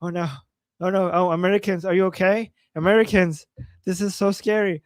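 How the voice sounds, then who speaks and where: A man's voice: high-pitched, fairly even intonation, a little fast, no echo, studio quality. A man co-hosting a live political stream, giving sarcastic commentary with theatrical mockery and frequent laughter. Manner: mocking, theatrical, laughs often.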